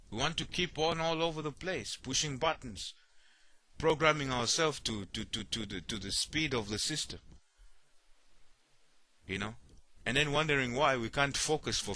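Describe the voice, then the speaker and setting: Bright-voiced male preacher. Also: mid-range voice, dry recording. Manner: repeats words, rhetorical "you see?"; acts out worried voices. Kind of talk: sermon.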